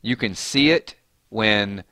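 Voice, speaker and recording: A man's voice: fairly low pitch, slow, no echo. Chatty man hosting a dry live stream. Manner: chatty, reads out viewer comments; animated, voice jumps up on names and questions. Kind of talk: casual live-stream commentary.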